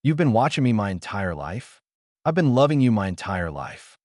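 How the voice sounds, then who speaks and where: A man voicing a secretive middle-aged father who pleads earnestly, read in a dry, lowish voice. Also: big pitch swings, moderate pace, a little mellow, no echo. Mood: pleading.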